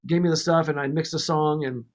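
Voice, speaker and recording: A man, a record producer, telling stories in a casual podcast interview, animated and laughing as he goes. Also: fairly high pitch, a little fast.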